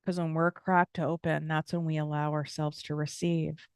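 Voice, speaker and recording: A woman's voice: low voice, flat delivery, normal speed, smooth, no echo, clean studio sound. A woman with an American accent hosting a podcast, giving a blunt, casual motivational talk full of swearing and tangents. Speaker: podcast host and business coach.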